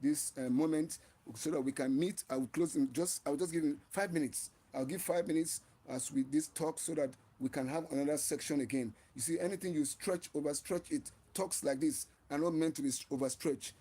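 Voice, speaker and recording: A man's voice: fairly high pitch, fairly quick, hardly any pauses, dark tone, slightly rough. A man hosting his own channel, giving an impassioned, preachy live-stream talk and often repeating and restarting his phrases. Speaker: channel host.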